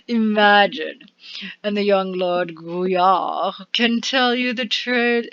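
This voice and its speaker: A woman's voice: medium pitch, dry recording, close to an everyday voice. A woman voicing a sly, menacing court bard who gushes theatrically in an odd put-on accent. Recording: dull lo-fi recording.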